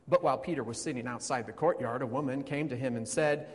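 A man's voice: mid-range voice, lively intonation, a little fast, few pauses. A man preaching a sermon as pastor in dramatic storytelling style, with sweeping emphasis and repeated phrases. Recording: long hall reverb.

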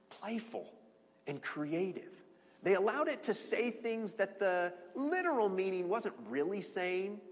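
A man giving an informal Bible teaching to a group, animated and repeating words as he restarts phrases. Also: long reverb tail. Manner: animated, restarts phrases, swoops high on emphasis.

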